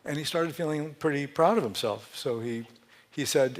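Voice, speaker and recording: In a church sanctuary, a man with a fairly high voice and normal speed gives a Sunday talk. His sermon is conversational and full of jokes, and he often restarts sentences and laughs at his own humor.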